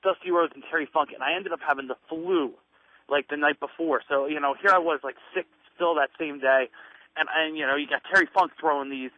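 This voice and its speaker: A Northeastern US man in his thirties, a wrestler, rambles through stories as a guest on a casual phone interview, packing in fillers and acting out quotes. His voice sits a little high and moves fairly quickly, with no echo. The audio is muffled, dry, lo-fi radio sound.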